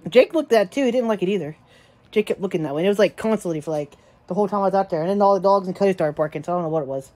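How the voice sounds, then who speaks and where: A woman vlogging casually at home, rambling excitedly and chatting to her pets. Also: mid-range voice, very fast. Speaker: daily vlogger. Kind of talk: casual rambling vlog chat. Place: at home, yard and indoors.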